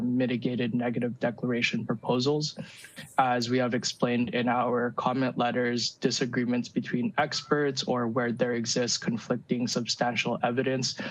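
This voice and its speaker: A man with a stuffy cold giving formal public testimony as an appellant's representative at a council chamber podium microphone, in a measured, legalistic way. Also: medium pitch, poor audio.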